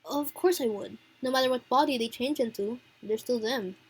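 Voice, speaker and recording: A woman voicing a loyal, sincere young man in a story game, answering in a quiet, steady way. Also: a little high, normal speed, husky.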